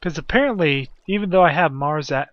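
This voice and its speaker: A man talking quietly to himself as he plays a video game, in a self-deprecating manner. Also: on the high side, animated, brisk, no echo. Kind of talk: let's play commentary. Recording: dull lo-fi recording.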